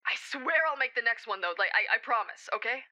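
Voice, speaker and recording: A woman voicing an impulsive, flaky young DJ pony who stammers and rushes her words in a fan audio drama. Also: fairly high pitch, lively intonation, pushed and bright, dull audio. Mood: apologetic.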